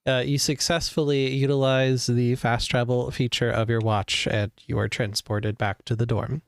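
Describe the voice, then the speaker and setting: Man, game master, gravelly voice, measured halting delivery, dry mic. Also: medium pitch, flat delivery, no echo. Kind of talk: running a tabletop game.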